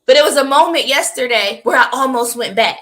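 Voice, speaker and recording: A woman co-hosting a podcast, telling personal stories in casual chat with an expressive, emphatic delivery. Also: high voice, fairly quick, poor audio. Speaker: podcast co-host.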